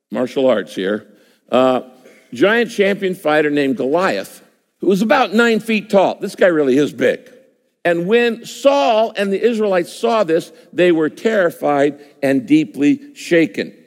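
A man preaching a sermon as a pastor, emphatic and repeating key phrases for effect. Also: on the high side. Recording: long hall reverb.

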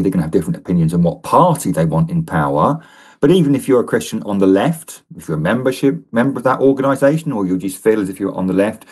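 A man from a think tank, a guest on a live radio interview, speaking in a thoughtful, measured, lightly wry way. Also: on the low side, a little mellow, breathy edge.

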